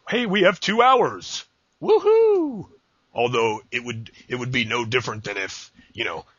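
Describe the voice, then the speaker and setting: Deep-voiced ranting man, podcast host. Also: pushed and bright, slightly rough, no room sound. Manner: ranting, jokey, slips into a high announcer voice for quotes. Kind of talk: casual interview chat. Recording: dull lo-fi audio.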